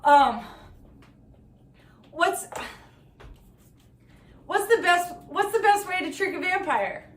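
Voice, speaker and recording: A woman with a high voice tells corny one-liners on a live comedy stage, tossing apologies between jokes as she hula hoops. She speaks slowly and stands well back from the mic in an echoey room. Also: expressive, far from the mic. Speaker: stand-up comic. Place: live comedy telethon venue.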